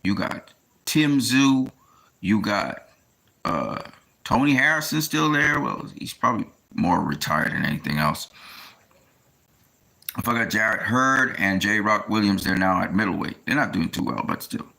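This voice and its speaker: A man talking casually in a rambling monologue, often pausing with fillers as he tries to recall names. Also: on the low side, big pitch swings, creaky, sharp tone. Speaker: boxing commentator.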